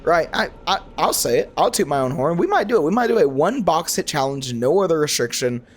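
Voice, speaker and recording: A little hiss or hum sits behind this young YouTuber's fairly quick, slightly high voice. He gives rambling, energetic commentary over his gameplay, frequently correcting himself mid-sentence and starting again.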